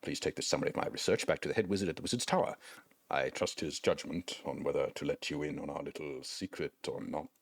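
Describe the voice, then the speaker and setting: A man's voice: very deep voice, quick pace, dry recording, pitched below the performer's own voice. A man reading out a scheming old male wizard quest-giver in a formal, conspiratorial way. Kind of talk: reading game dialogue aloud.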